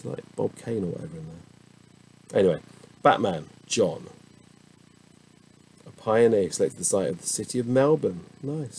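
A man's voice: fairly low pitch, gravelly, warm tone, a little hiss or hum, poor audio. A tired middle-aged man, casually reading dictionary entries aloud with musing asides. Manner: slow, musing, chatty asides.

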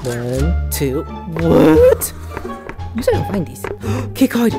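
A woman playing a social VR game, chatting casually, excitable and often shrieking and laughing. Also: low-pitched, slow pace, music in the background. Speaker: VRChat player. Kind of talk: casual gaming chat.

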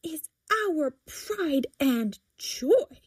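A woman's voice: dark tone, dry recording, clean studio sound. A woman voicing a timid but stubborn teenage girl who talks in a pleading way. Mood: upset. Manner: pleading, higher and slower than the narration.

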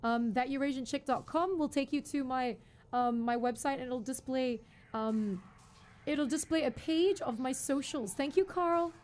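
A woman with a high voice streams a game live. She yelps and swears when the action heats up, then settles into chatting with her viewers. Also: unhurried. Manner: excitable, panicky outbursts and swearing; chatty, thanks and talks to viewers. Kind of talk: live gameplay commentary.

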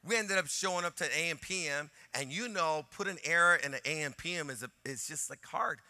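A male pastor preaching a sermon in an animated way, telling a personal story and acting out the dialogue. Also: fairly high pitch, brisk, no room sound.

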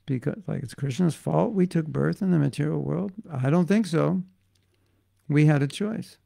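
A middle-aged man teaches a devotional class in a loose, joking, conversational manner. His voice sits a bit high for a man and carries a steady gravelly fry. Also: normal speed. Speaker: spiritual teacher.

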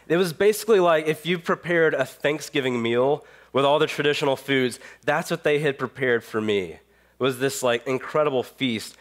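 Male pastor, 30s, mid-pitched, fighting a cold; relaxed storytelling sermon with plenty of fillers. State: has a cold. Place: church sanctuary.

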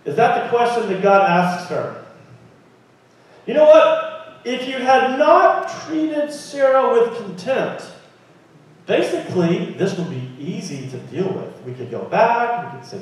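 A man preaching a sermon in a church, lively and conversational, often asking the congregation questions. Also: very high-pitched, measured pace. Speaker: pastor. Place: church sanctuary. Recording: very echoey room, mic at a distance.

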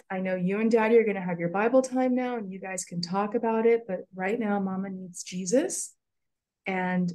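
A middle-aged woman, a mother, talking through her feelings in a halting, emotional way, often repeating words. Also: mid-range voice, a little mellow. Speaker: mother sharing her story. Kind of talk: emotional casual chat.

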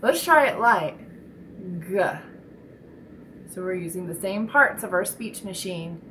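A woman teaching a children's speech lesson, demonstrating sounds slowly and encouraging the listener. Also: medium pitch, animated, pushed and bright, slight background noise, low-quality recording.

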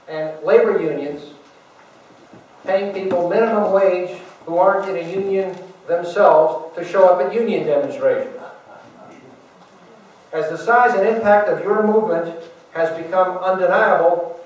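Male guest speaker, high-pitched, emphatic speech delivery, distant mic in a very echoey meeting hall. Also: dull audio. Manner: emphatic, rhetorical asides to the audience. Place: large meeting room.

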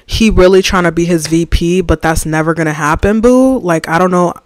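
A livestreamer chatting casually while designing, slangy and animated, reading and answering the chat and ranting about opinions. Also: mid-range voice, a little fast, dry recording, studio quality.

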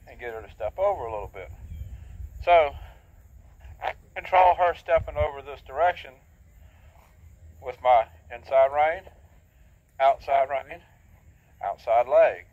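A man training a horse while riding in an outdoor arena, explaining his technique in a plain, steady, practical way. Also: medium pitch, no echo. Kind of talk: instructional talk while riding. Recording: thin phone-like outdoor audio.

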